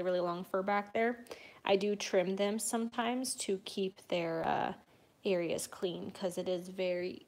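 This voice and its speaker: A woman chats unhurriedly on a home live stream and answers viewers' questions. She laughs easily and slips into cooing baby talk for her cats. Her voice sits at a middling pitch. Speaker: cat breeder hosting a live feed. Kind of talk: casual live-stream chat answering comments.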